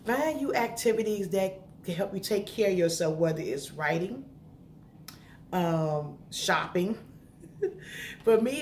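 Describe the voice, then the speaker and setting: A woman's voice: lowish voice, darkish tone. A middle-aged woman talking earnestly and emotionally to camera at home, giving heartfelt, conversational advice. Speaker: vlogger giving grief advice. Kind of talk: casual heartfelt talk to camera. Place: home indoors. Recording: echoey room, faint background noise.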